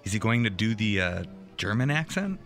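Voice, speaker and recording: Casting: man as a laid-back small-town husband, low gravelly voice, swooping delivery. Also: big pitch swings, normal speed, a bit bright, faint music behind. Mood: reassuring. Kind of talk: audio drama acting.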